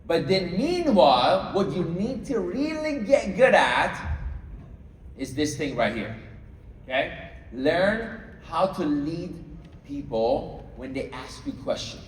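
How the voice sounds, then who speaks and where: A man's voice: fairly high pitch, very animated, takes it slowly, slight background noise. A man giving a live sales training to a room, coaching the audience and often checking that they follow along. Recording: echoey hall, mic far off.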